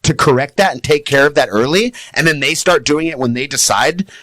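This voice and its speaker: A man talking as a dog trainer guest on a studio podcast, animated and explaining with acted-out examples. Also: a little fast, dry recording. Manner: animated, acts out high excited voices when quoting owners. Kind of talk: podcast interview.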